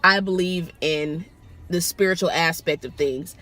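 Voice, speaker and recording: An animated woman tells a story straight to the camera in a loose, casual way. She is full of exclamations and swears freely as she describes a rideshare passenger. Her manner is lively. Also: on the low side, a little slow. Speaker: rideshare driver telling stories.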